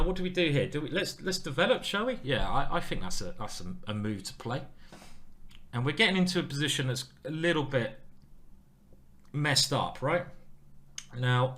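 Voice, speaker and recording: A man commentating live on his own blitz chess games in a playful, self-mocking and excitable way. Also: mid-range voice. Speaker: chess streamer playing a blitz match.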